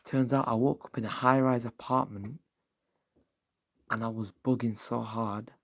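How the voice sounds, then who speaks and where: A man, an ASMR creator telling a long, rambling, absurd story in a soft-spoken way. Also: lowish voice, no room sound.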